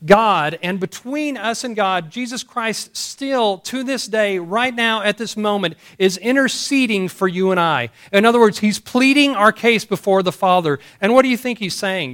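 A man's voice: high-pitched, moderate pace, few pauses, a bit bright. A man preaching a sermon in an emphatic way, repeating key phrases and asking the congregation rhetorical questions. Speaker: pastor. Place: church service.

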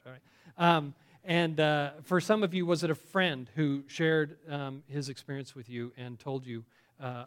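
Conversational man preaching. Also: fairly high pitch. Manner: conversational preaching with many fillers and restarts; asks the congregation questions. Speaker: pastor. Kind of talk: sermon.

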